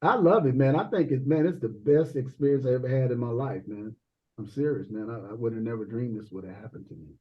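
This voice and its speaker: A man chatting as a guest musician on a podcast, relaxed and laid-back, often dropping "man" into his sentences. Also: medium pitch, quick pace, dull audio. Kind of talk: casual podcast chat.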